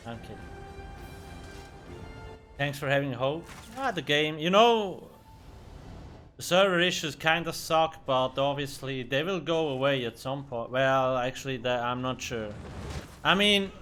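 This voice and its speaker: Blunt, bright-voiced male game streamer. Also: mid-range voice, expressive, a little slow, pauses often, soft background music. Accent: German. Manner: blunt, profane, joking. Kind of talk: casual live-stream commentary.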